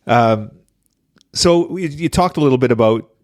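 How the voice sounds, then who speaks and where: A man hosting a podcast, asking relaxed questions full of fillers. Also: medium pitch, moderate pace, no echo, studio quality. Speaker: podcast host. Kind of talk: casual interview.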